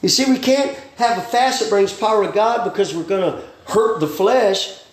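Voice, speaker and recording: A man, a pastor preaching a sermon in a folksy, plainspoken way with slang and quick asides. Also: high voice, animated, reverberant.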